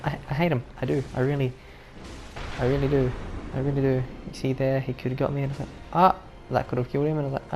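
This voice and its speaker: A woman's voice: very deep voice, little pitch movement, quick pace, warm tone, faint music behind. A woman commenting on her own gameplay in a rambling, self-mocking way, repeating herself and putting on an accent. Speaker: gaming channel host.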